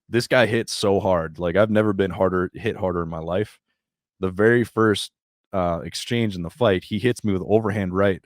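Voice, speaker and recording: Man, low voice, dry close sound, casual, swearing, energetic storytelling. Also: no room sound. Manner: profane, laughing, energetic storytelling. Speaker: podcast guest, jiu-jitsu brown belt and former MMA fighter.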